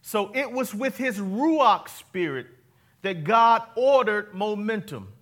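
A man's voice: high-pitched, lively intonation, slow pace, a bit bright. A pastor preaching a sermon to his congregation, mixing jokes and scripture readings and having the crowd repeat key words back to him. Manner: call-and-response with the congregation; conversational, jokey preaching. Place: church before a live congregation.

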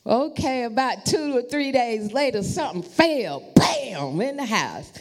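A woman preaching a storytelling sermon, talking to the congregation in an animated, familiar way. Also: fairly high pitch, measured pace, few pauses. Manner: animated, addresses the congregation as y'all.

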